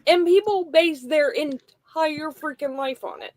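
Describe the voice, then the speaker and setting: High-voiced woman ranting bluntly. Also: unhurried, rough recording. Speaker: podcast co-host. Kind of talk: casual panel chat.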